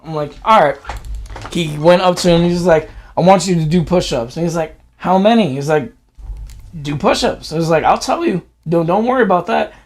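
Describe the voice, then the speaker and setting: A man's voice: on the high side, brisk, soft background music. A man in casual conversation telling a story, often quoting people in a raised voice. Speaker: podcast co-host. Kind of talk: casual chat.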